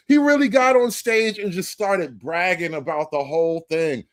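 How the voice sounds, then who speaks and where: High-voiced animated male commentator. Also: moderate pace, few pauses, no echo. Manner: animated, slangy, laughing. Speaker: host. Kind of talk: comedic political commentary.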